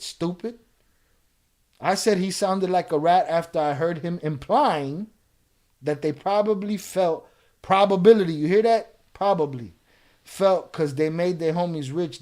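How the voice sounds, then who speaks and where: A man hosts his own live reaction stream, his voice sitting a little higher than most men's. He swings from laid-back explaining, full of "you know," to profane, heated comebacks at viewers in the chat. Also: darkish tone. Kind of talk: casual live-stream chat, reading and answering viewer comments.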